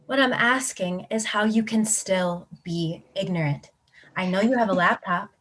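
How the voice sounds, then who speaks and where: A woman's voice: medium pitch, normal speed, fairly bright tone, lightly acted. Woman playing a sarcastic online commenter. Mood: probing. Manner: cutting, sarcastic, blunt. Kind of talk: student theatre acting.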